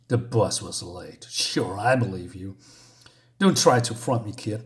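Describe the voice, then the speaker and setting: A man reading out the lines of an aggressive criminal foster father who bullies a teenage boy, with loud threatening bursts. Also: lowish voice, animated, a little slow, voice pushed down. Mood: menacing.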